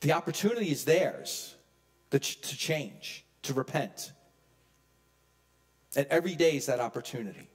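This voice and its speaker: A man preaching a sermon as pastor, emphatic, swinging from loud peaks to hushed low lines. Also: animated, moderate pace, pauses often. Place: church.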